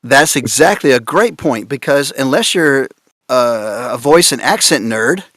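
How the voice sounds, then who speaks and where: A man speaking on a conference panel about voice casting, animated and amused as he reads out odd casting notes. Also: mid-range voice, measured pace, no room sound, studio quality. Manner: animated, laughing, reads out examples with amused disbelief. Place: conference room.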